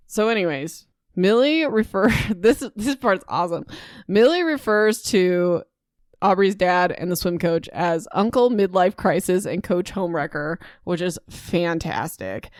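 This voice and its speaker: A young woman hosting a podcast, recapping a book in a casual, animated, indignant way, with many "like"s. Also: lowish voice, unhurried, clean tone, no echo, studio quality. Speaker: podcast host.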